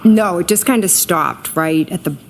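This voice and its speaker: Low, creaky-voiced woman testifying. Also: moderate pace, slight background noise. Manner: hesitant, many ums, short answers. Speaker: trial witness. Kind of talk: courtroom testimony. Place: courtroom.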